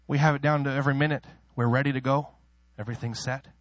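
A man preaching a sermon, emotional in delivery, moving between soft personal asides and loud, soaring declarations, with self-deprecating laughs. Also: steady tone, fast, no room sound. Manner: emotional, swings from soft asides to loud high-pitched exclaiming; laughs at himself between points.

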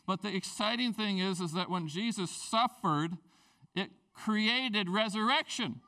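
A man preaching a conversational sermon, acting out the people in the story and swinging between loud bursts and hushed, intimate passages. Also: sits high, a little slow. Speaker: pastor.

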